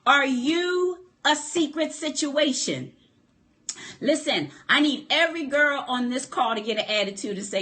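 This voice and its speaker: A woman's voice: high-pitched, unhurried, fairly bright tone. A woman giving a motivational livestream talk from her phone, speaking emphatically, repeating key points and calling out to her listeners. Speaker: relationship speaker.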